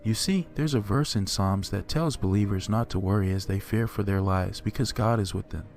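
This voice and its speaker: Cold sadistic army sergeant, low quiet menacing mumble, done by a guy. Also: moderate pace, gravelly.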